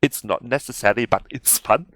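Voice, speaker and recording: A man with a German accent, a native German speaker, talking through a software tutorial in halting English that often restarts. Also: mid-range voice, no room sound, clean studio sound. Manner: halting, self-correcting non-native English. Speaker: tutorial host. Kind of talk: screen-recorded software tutorial.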